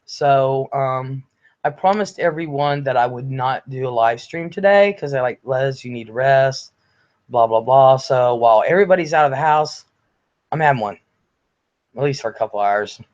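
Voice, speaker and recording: An older man chats casually on a home livestream, reading out viewer comments in a blunt, chatty way with the odd curse. His voice sits at an ordinary pitch and sounds a little congested. The audio is slightly dull and lo-fi. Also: normal speed. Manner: chatty, blunt, swears freely. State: recovering from illness, congested. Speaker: livestream host.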